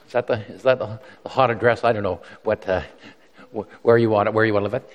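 A man with a lowish voice preaches fast in a large hall, keeping his sermon conversational. He repeats himself a lot and animates the quotes he tells with distinct voices.

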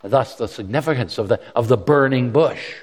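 A man delivers a sermon in an easygoing, conversational manner, stumbling over and repeating words as he thinks aloud. His pitch sits in the middle range. He lifts his voice to act out the quotes in his story, and a long reverb from the hall trails behind him. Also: moderate pace. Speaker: preacher.

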